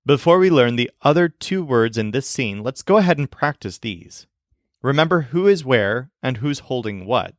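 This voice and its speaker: Male teacher voice-over, clear measured delivery, dry studio sound. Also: mid-range voice, expressive, dry recording. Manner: clear, measured explanation with slow model phrases. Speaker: language teacher. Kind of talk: scripted lesson narration.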